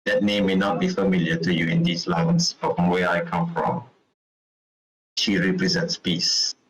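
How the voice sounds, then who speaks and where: A man's voice: sits low, normal speed, a bit bright, recorded from a distance, slight background noise, rough recording. A man playing a solemn priest of peace. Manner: earnest, formal vow.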